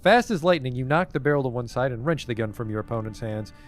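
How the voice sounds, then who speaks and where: A man's voice: medium pitch, expressive, fast, faint music behind. A young man streaming a game, reading its narration aloud and dropping wry asides.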